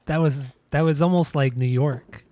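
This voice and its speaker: A man's voice: on the high side, steady tone, moderate pace, warm tone, dry recording. A man co-hosting a casual podcast, joking and teasing, laughing often. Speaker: podcast co-host. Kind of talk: casual chat.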